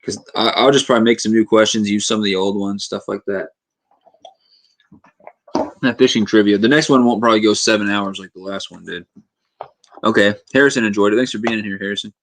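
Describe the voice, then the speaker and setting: A man's voice: lowish voice, steady tone, brisk, pauses often, dry recording. A young man hosting a casual fishing livestream from his home fishing room, rambling and reading chat comments aloud.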